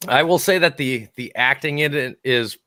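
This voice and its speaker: A man's voice: medium pitch, normal speed, pushed and bright. A man co-hosting a podcast, leading the talk casually and laughing often. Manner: laughs often, steers the discussion. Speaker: podcast co-host. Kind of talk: casual comedic chat.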